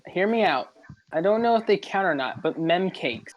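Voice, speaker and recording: A young man co-hosting a casual gaming podcast, excitable and quick to interrupt with questions. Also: high-pitched, highs cut off. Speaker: podcast co-host.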